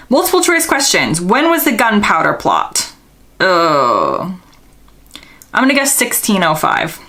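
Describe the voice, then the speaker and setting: A woman's voice: medium pitch, fairly bright tone. A young American woman vlogger, casually thinking aloud and second-guessing herself while answering quiz questions. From United States.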